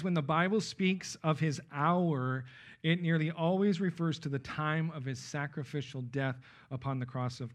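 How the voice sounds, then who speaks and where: A man preaching an expository Bible sermon, emphatic and checking in with his listeners with frequent okay and right. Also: fairly high pitch. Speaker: pastor.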